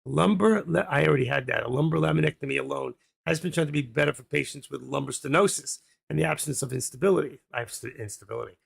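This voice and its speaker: A man's voice: medium pitch, quick pace, creaky, breathy edge. A man hosting a trading live stream, rambling casually and muttering his thoughts aloud as he goes.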